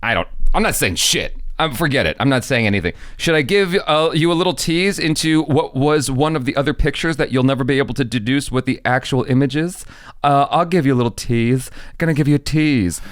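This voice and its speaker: A man's voice: medium pitch, a little fast, no room sound, clean studio sound. A man co-hosting a reaction show, chatting casually in a rambling way, swearing and laughing often.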